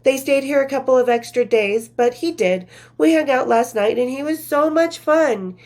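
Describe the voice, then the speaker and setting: A woman's voice: sits high, normal speed, darkish tone. A woman hosting her own show, reading from her old journals in a candid, profane, casual storytelling manner with laughing asides. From western United States.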